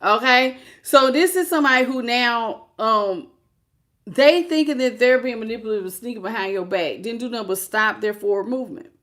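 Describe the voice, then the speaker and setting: A woman giving a live tarot reading in a casual, animated, slangy way, laughing often and greeting her viewers. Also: a little high, moderate pace. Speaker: tarot reader.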